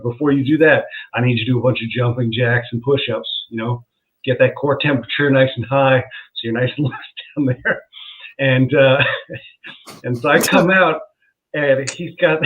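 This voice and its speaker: A man, a comedian guest, telling a story in casual chat, laughing as he goes and acting out what people said. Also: medium pitch. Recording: tinny phone-like line.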